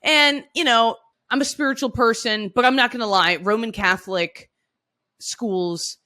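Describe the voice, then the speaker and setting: A woman co-hosting a podcast, telling stories casually with lively restarts and frequent laughs. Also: on the high side, a little slow. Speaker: podcast co-host. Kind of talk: casual conversational storytelling.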